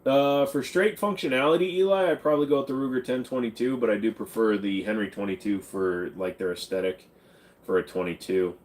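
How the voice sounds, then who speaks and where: A man's voice: mid-range voice, fairly even intonation, fairly quick, a little mellow. Man, channel host, casual livestream Q&A, blunt, joking, offhand.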